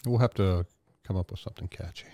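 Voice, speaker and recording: Low-voiced man rambling in casual chat. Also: quick pace, gravelly, mellow, slight background noise. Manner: rambling, hesitant, with fillers and laughs. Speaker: podcast co-host.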